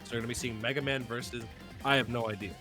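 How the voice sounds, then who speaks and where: A man's voice: medium pitch, fairly even intonation, rapid-fire, over music. A young man doing live esports commentary in a laid-back, slangy way.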